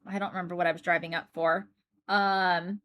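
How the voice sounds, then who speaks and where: A woman's voice: lowish voice, level tone, brisk, highs cut off. A woman with an American accent that has a slight British influence, chatting casually on a live stream and thanking viewers in a rambling way. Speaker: Twitch streamer.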